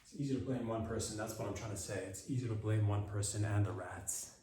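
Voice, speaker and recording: A man's voice: lowish voice, fairly even intonation, fast, roomy sound, recorded from a distance, noisy background. A young man hosting a comedy podcast, riffing in a rambling, profane monologue full of mock outrage. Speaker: podcast host.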